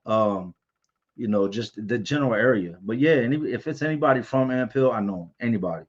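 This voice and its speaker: A man's voice: medium pitch, animated, brisk. A man hosts a casual livestream, telling personal stories in a frank, conversational way. His voice sits in a middle range. The audio is a little dull and lo-fi. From Virginia, US. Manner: candid, storytelling, reads out viewer comments. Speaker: livestream host answering viewer chat.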